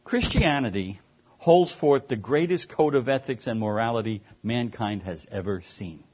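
A man's voice: medium pitch, lively intonation, moderate pace, dull audio, a little hiss or hum. A man preaching a sermon as pastor, earnest and emphatic, sometimes stumbling over repeated words.

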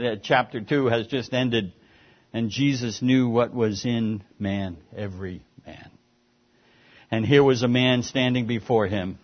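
A man's voice: mid-range voice, dull audio. A man preaching a sermon as pastor, earnest and emphatic, sometimes stumbling over repeated words.

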